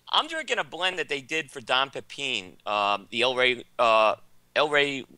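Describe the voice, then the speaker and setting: A man's voice: mid-range voice, big pitch swings, a little slow, sharp tone, smooth, dry recording. A man from Brooklyn with a Brooklyn accent, co-hosting a casual show and running through cigar and coffee notes with plenty of "um"s. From Brooklyn, New York. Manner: enthusiastic, filler-heavy product rundown. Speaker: co-host. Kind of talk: casual cigar review chat.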